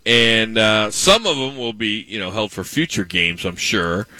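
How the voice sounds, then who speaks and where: A man's voice: fairly low pitch, a little slow, sharp tone, dry recording, rough recording. A man hosting a talk radio show, leading the segments and teasing his co-hosts. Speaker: radio host.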